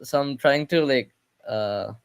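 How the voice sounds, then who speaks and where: A man's voice: mid-range voice, a little slow, gravelly, smooth. A man on a discussion panel, rambling with lots of fillers. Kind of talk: casual discussion.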